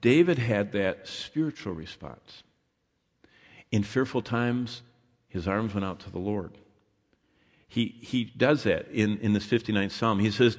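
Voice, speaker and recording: Man preaching, gets loud on the scripture then goes quiet, big echoey church hall. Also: medium pitch, a little slow. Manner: expressive preaching, swells loud on quoted scripture, drops soft on asides. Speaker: pastor. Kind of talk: sermon. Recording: long hall reverb.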